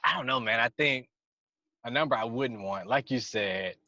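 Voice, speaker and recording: A man's voice: medium pitch, normal speed, sharp tone. A man co-hosting a podcast in laid-back, casual chat, laughing often. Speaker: podcast co-host. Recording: dry, dull lo-fi sound.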